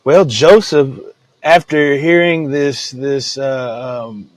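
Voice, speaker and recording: A man's voice: mid-range voice, steady tone, slow, no room sound, poor audio. Laid-back man hosting a Bible devotional. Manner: laid-back, says "man" often, retells the story in everyday slang. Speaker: devotional podcast host. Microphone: podcast microphone.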